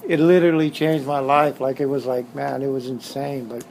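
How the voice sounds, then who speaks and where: A man's voice: mid-range voice, little pitch movement, normal speed, darkish tone, a little hiss or hum, poor audio. A middle-aged man with a Southern Californian accent telling stories in a blunt, streetwise way, repeating himself for emphasis, in a casual interview at his motorcycle shop.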